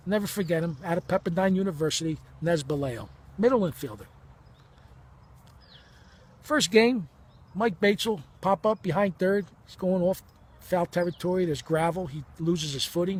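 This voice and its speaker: A man's voice: fairly high pitch, husky. A man in his fifties telling a personal story in a heated, blunt and profane way, acting out the dialogue as he goes. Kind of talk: emotional first-person storytelling.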